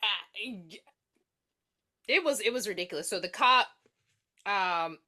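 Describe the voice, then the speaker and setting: A woman's voice: mid-range voice, unhurried. A woman co-hosting a podcast, recapping a movie in casual, profane chat and acting out the characters' lines as she goes. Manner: animated, profane retelling that acts out the characters' lines. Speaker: podcast co-host.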